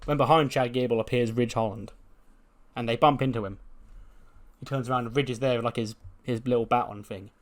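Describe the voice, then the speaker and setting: A man's voice: medium pitch, steady tone, a little fast. A man casually recapping a wrestling booking game, chatty and full of fillers. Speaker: gaming YouTuber. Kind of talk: casual commentary on a wrestling sim.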